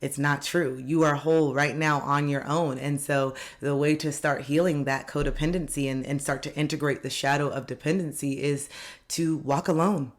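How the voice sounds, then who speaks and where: A woman's voice: low voice, steady tone, moderate pace. A woman life coach giving an earnest, direct motivational self-help talk, repeating key phrases for emphasis.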